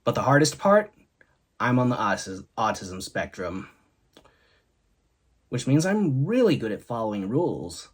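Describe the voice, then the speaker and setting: A man's voice: mid-range voice, big pitch swings, a little slow, pauses often, breathy edge. A man hosting a comedy show, telling one joke after another in an upbeat way and leaning on the punchlines. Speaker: host.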